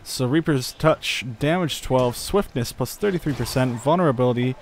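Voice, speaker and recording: A man's voice: mid-range voice, normal speed, a little hiss or hum. A young man giving casual gameplay commentary, thinking aloud with lots of fillers and chuckles. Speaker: gaming channel host.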